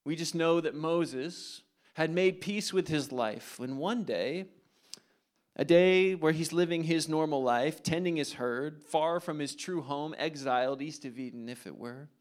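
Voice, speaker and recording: A man preaching a sermon, retelling a scripture story dramatically and dropping to hushed asides. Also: a little high, unhurried.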